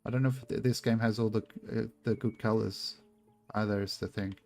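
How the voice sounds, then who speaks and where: A man's voice: lowish voice, fairly even intonation, brisk, darkish tone, slight background noise. A man streaming a game and chatting casually with his viewers, rambling and swearing freely. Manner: chatty, swears a lot, rambling asides to chat. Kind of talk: casual gameplay streaming chat.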